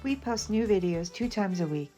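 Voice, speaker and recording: A woman's voice: medium pitch, animated, normal speed, dark tone, faint music behind. A woman from the Southern United States hosting a cooking channel, chatting casually through a recipe with fillers and small laughs. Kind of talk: casual cooking demonstration voice-over.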